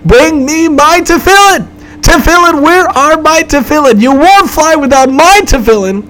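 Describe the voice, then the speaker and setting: A man voicing a frantic young man who screams and pleads over and over, pitched well above his own voice. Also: animated, unhurried, bright, forceful tone, full character voice, low-quality recording. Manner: screaming, desperate, repetitive.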